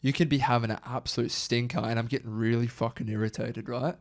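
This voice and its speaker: A man's voice: mid-range voice, fast. A young man with an Australian accent, co-hosting a podcast in casual chat, swearing freely as he rants. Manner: swears freely, animated ranting. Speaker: podcast co-host.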